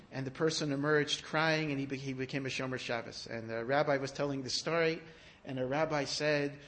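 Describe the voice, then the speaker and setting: A man giving a sermon, telling stories in an animated way that rises to emphatic peaks. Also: fairly high pitch. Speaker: rabbi giving a talk. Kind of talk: storytelling sermon.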